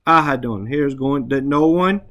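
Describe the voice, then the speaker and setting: A man's voice: medium pitch, measured pace, a bit bright. Patient man teaching Arabic grammar. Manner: explains patiently with frequent "right?" checks; recites Arabic verses then translates. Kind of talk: classroom grammar lesson.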